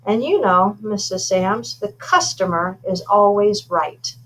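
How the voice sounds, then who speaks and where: A woman reading aloud, voicing a smooth male shop owner who delivers bad news with false politeness. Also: medium pitch, a little slow, lightly acted, rough recording. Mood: falsely apologetic.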